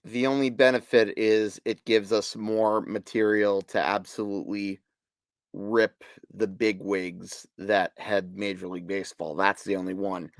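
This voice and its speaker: A man's voice: fairly low pitch, flat delivery, measured pace, no echo. A man co-hosting a sports podcast, chatting casually with dry, sarcastic asides. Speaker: podcast co-host.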